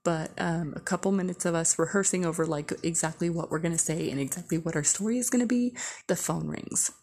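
A woman's voice: on the low side, fairly quick, darkish tone, slight background noise. A woman casually telling a candid, profane story, full of "like" and blunt asides. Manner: candid, profane, heavy use of "like".

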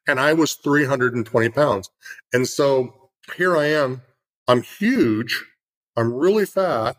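A man's voice: medium pitch, a little slow, a bit bright, poor audio. A middle-aged man in casual conversation, telling an earnest story with lots of fillers.

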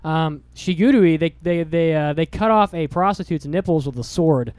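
A man co-hosting a casual anime podcast, wry and halting. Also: fairly high pitch, a little mellow, no room sound. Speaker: podcast co-host.

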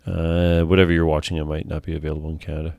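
A man co-hosting a podcast, giving short quick replies and teasing his friend. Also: rumbling low, flat delivery, darkish tone. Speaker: podcast co-host. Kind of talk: casual chat.

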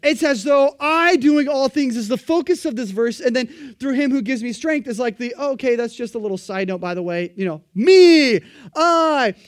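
Emphatic high-voiced male preacher. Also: brisk, hardly any pauses, no echo, studio quality. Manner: animated, emphatic, mocking quoted voices. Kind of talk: sermon.

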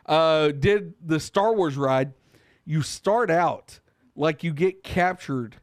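High-voiced guy on a podcast mic, dry close sound, swearing a lot, gets loud and wound up telling his story. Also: takes it slowly, dry recording. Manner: animated, profane, gets loud and high when worked up. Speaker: podcast co-host. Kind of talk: casual storytelling chat.

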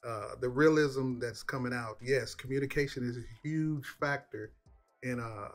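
A middle-aged man speaking gently and thankfully in a family conversation. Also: medium pitch, moderate pace, soft background music. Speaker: father, husband. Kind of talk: casual family chat.

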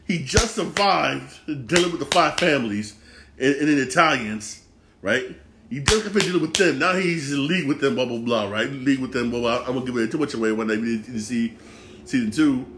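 A man riffs loosely through a solo podcast, circling back on his words and dropping slang and the odd curse. His voice sits at an ordinary middle pitch. Faint background noise hums under the recording. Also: fairly quick. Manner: rambling, repeats himself, slangy and profane. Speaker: podcast host. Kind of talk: casual solo commentary.

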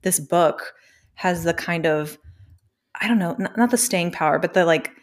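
A young woman co-hosting a podcast speaks at a normal speed in a voice on the low side. Her casual, chatty talk is heavy with fillers like "like" and "um."

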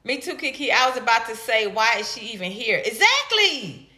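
Her voice high and bright, a stand-up comic from Atlanta chats directly to viewers while going through their comments in a laid-back vlog. She's playful and lively, drawing out teasing repetitions at a moderate pace, and the space around her echoes noticeably.

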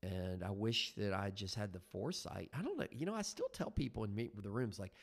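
A man in his fifties with a deep, low voice tells his own recovery story into a headset mic. He talks in a halting, reflective way, full of ums and restarts as he searches for words. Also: very animated, vocal fry. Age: 50s.

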